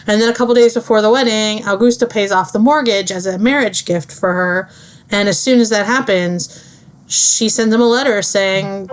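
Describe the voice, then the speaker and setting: Young woman student rambling through a book summary, super chatty, lots of likes. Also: mid-range voice. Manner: chatty, lots of fillers, breezy.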